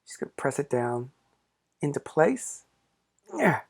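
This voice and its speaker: Man with a lively, swooping voice, cheerful and encouraging, for a hands-on craft tutorial. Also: mid-range voice, measured pace, creaky. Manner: upbeat, encouraging, playful. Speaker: pop-up book artist teaching a craft.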